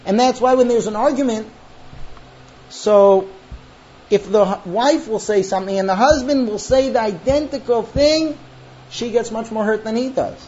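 Animated high-voiced man teaching a class. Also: moderate pace. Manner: animated storyteller acting out quoted voices. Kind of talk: classroom lecture on marriage. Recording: dull lo-fi recording with faint ambience.

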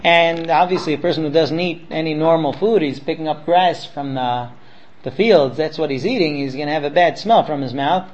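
A man's voice: a little high, normal speed, muffled recording. A man teaching students by retelling a story, acting out the characters with frequent fillers. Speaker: Torah teacher.

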